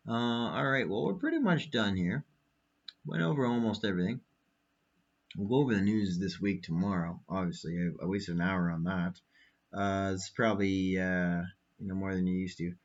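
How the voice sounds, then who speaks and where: Low, husky man ranting profanely. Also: normal speed, lo-fi sound. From Canada. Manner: profane, angry, rambling. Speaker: podcast host. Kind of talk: late-night ranting monologue. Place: small apartment.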